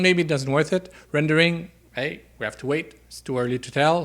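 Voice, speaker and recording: A man hosting a tech review video in a casual, chatty way, with joking asides and animated reactions. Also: on the high side. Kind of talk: casual chat.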